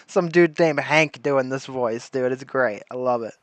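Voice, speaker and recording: A man's voice: medium pitch, lively intonation, slow pace, no echo. Irreverent laughing livestream host guy. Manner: irreverent, laughing, says dude a lot. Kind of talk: casual commentary.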